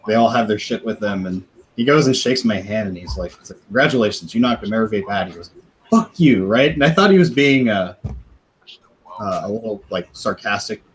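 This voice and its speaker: A man's voice: on the low side, lively intonation, fairly quick, low-quality recording. A man on a podcast casually telling a long profane story, laughing now and then and acting out what others said. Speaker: podcast host.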